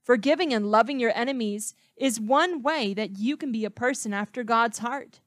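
A woman teaching a children's Bible lesson, asking the listener questions in a slow, gentle way. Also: a little high, no echo.

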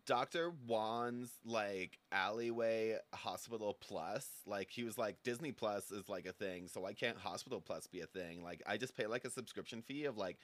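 A man's voice: on the low side, moderate pace, hardly any pauses, a bit bright, dry recording. A man doing a ditzy guest bit in an improvised comedy sketch, chattering with "like" and "oh my God" all through. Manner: ditzy, "like"-filled valley-style chatter. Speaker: talk show guest.

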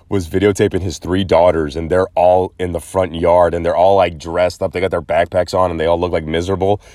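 A man's voice: sits low, a little mellow, no echo, studio quality. A man hosting a solo commentary show, rambling and sarcastic, putting on mocking voices to quote people. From Los Angeles area. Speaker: podcast host.

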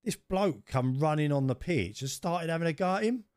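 A man co-hosting a podcast, telling stories in an animated way. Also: on the high side, normal speed, dry recording, clean studio sound. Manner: animated storytelling, rising when worked up. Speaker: podcast co-host. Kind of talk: casual chat.

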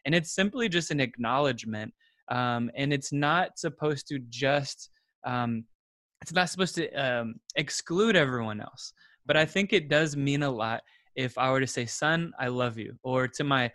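A man's voice: mid-range voice, moderate pace, bright, forceful tone, no room sound, studio quality. A man in his thirties, a podcast guest, who talks earnestly in a casual interview and repeats words as he thinks.

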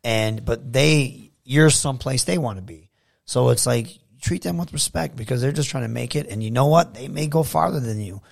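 A man from Michigan chats as a guest on an interview show. His voice sits at a middle pitch and has a gravelly rasp. He tells stories casually and animatedly. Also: moderate pace. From Saginaw, Michigan, USA. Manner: animated, acts out quotes in a raised voice. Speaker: guest, professional wrestler.

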